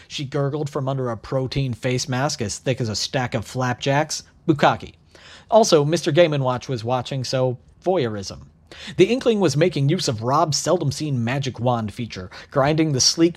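A man in his thirties telling a crude comedic story in a deadpan voice, tossing in sarcastic asides. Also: medium pitch. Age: 30s. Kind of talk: comedic narrated monologue.

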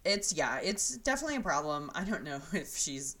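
Woman, low voice, bright tone, casual podcast chat, giggly, mock-quoting people. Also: big pitch swings, brisk. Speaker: podcast co-host. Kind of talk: casual chat recapping a reality show.

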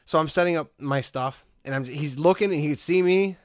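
This podcast co-host in his thirties has a fairly high, brisk voice, captured in a dry, clean studio recording. He tells a rambling story in casual chat, animated and packed with "like" fillers.

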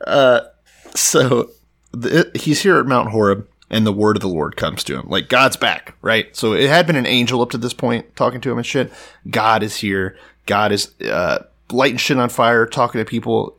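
A man's voice: mid-range voice, sing-song, moderate pace, vocal fry, fairly bright tone. A man co-hosting a casual, irreverent Bible podcast, joking and swearing, and reading scripture passages aloud. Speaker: podcast co-host.

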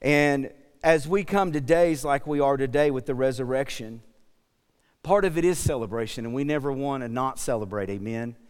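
A man's voice: mid-range voice, normal speed, darkish tone, smooth. A male pastor preaching a sermon, mixing joking stories with earnest exhortation. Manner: storytelling, self-deprecating humor, exhorting. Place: church sanctuary. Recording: long reverb in a church hall.

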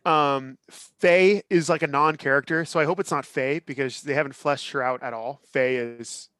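Podcast guy, 30s, kinda high voice, rambles and opines, dry sound. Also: moderate pace, no room sound. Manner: animated, opinionated, rambling with many restarts. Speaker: podcast co-host. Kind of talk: casual chat.

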